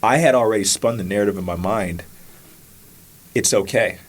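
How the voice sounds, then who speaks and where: A man hosting a podcast, telling a personal story in casual conversation and acting out his own past words, sometimes whispering, sometimes rising high. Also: moderate pace, breathy edge. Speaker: podcast host.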